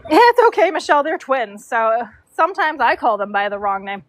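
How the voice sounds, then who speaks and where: Answering livestream comments from a horse show barn stall, the forties-aged woman who braids horses chats casually and coos to her dog. Her slightly high voice swings widely in pitch at a moderate pace, over a little hiss or hum.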